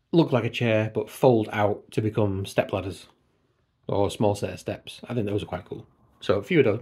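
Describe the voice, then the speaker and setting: At home by his computer, a book vlogger makes casual, chatty conversation, wandering off on tangents and joking at his own expense. His voice is on the low side, darkish and husky.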